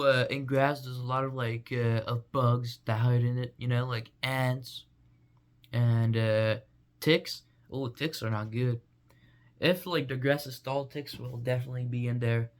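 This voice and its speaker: A young man vlogging in a rambling, goofy casual monologue full of fillers. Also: medium pitch.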